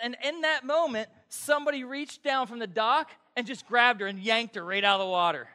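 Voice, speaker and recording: A high, bright-voiced middle-aged man preaches in a church, his words ringing with long hall reverb. He tells stories with lively energy and suddenly acts out shouted calls. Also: brisk, few pauses, smooth. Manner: animated storytelling with acted-out shouts. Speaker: pastor. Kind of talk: sermon.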